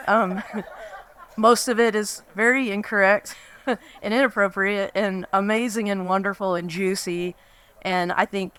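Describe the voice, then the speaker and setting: A woman's voice: lowish voice, fairly bright tone, smooth. A woman in her fifties giving a fond, rambling reminiscence at a memorial gathering. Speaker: memorial speaker. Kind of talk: reminiscing speech.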